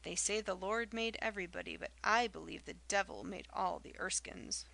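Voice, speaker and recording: A woman reading the part of a spiteful old village gossip in an audiobook, loud and derisive, with rustic dialect. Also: mid-range voice, moderate pace, creaky.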